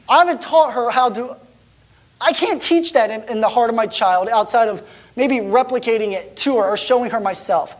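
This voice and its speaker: Hushed, conversational male pastor. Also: extremely high pitch, a little fast. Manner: conversational, dropping to hushed, near-whispered tones; frequent restarts and stammers. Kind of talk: storytelling sermon.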